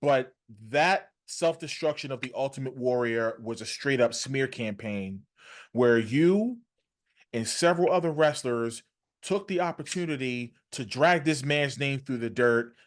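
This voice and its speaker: Male podcast host, casual and emphatic delivery, medium pitch. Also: measured pace. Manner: conversational, emphatic, rising pitch when reacting.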